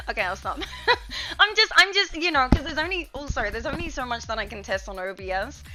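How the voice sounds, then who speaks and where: A woman's voice: high voice, expressive, brisk, over music, low-quality recording. A young woman chatting casually with her live-stream chat from a home room, playful and talkative. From Australia. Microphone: desk mic, testing distances.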